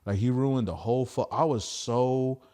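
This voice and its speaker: A man's voice: mid-range voice, normal speed, mellow. A man who does stand-up, a podcast guest telling stories in a rambling, profane way and acting out the voices of people he quotes. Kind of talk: casual podcast storytelling.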